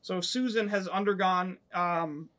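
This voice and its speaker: A man's voice: sits high, a little slow, sharp tone, slight background noise. A man co-hosting a podcast, walking his friends through case notes in casual chat. He fills gaps with ums and swears freely. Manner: leads the recap, many fillers, swears freely. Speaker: podcast co-host.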